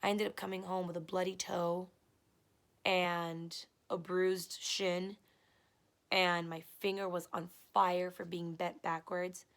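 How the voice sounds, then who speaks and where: Gravelly low-voiced woman venting bluntly. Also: flat delivery, takes it slowly. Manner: heated, blunt and profane, retelling an abusive relationship; swings from low and muttered to loud and exasperated. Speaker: vlogger. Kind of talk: personal storytime vlog.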